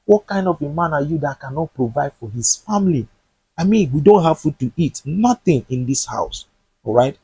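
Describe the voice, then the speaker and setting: A man's voice: on the high side, lively intonation, moderate pace, warm tone, slightly rough, dry recording, heavily acted, low-quality recording. A man voicing a woman who berates a man for failing to provide for his family. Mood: scolding. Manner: scolding, exasperated. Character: scolding woman berating a poor husband.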